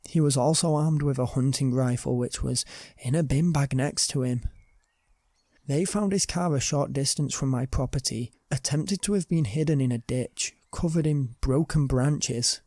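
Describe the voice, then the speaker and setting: A British man reading true horror stories aloud as a narrator, in a slow, hushed way that drops low at tense moments. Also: creaky, dry recording, studio quality. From Britain. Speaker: storyteller.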